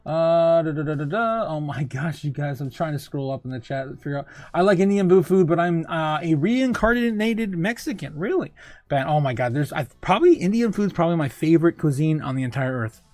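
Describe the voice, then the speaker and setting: Male livestream host, casual newsy chatter, raised pitch, dry booth-like sound, lots of "uh" and laughter. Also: lively intonation, fairly quick, a little mellow, no echo. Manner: chatty, frequent fillers and laughing asides. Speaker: crypto show host. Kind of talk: casual livestream news and chat.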